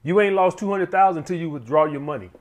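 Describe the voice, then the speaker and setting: A man's voice: a little high, fast. Blunt, profane man talking money. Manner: blunt, profane, keeps addressing the audience as guys. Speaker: channel host giving money advice. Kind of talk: casual advice monologue.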